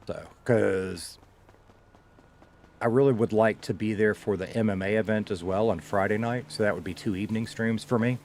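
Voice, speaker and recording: A man's voice: fairly low pitch, normal speed, a little mellow, a little hiss or hum. Casual sounding male streamer. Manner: chatty, swears freely, laughs often. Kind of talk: casual live-stream chat.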